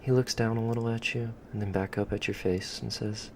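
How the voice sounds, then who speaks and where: A man calmly narrating a second-person story in a plain, unhurried way. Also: on the low side, slight background noise.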